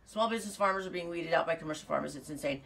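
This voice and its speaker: Racing through viewer comments, a Californian farm vlogger chats and rambles casually, laughing a lot. She has a low, fairly bright voice with vocal fry, picked up by a distant mic.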